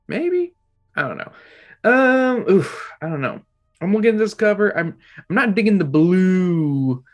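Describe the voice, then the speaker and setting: A man giving a casual, rambling review with frequent restarts and casual swearing, recorded at home in an apartment. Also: fairly high pitch. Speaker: book club host ranking covers.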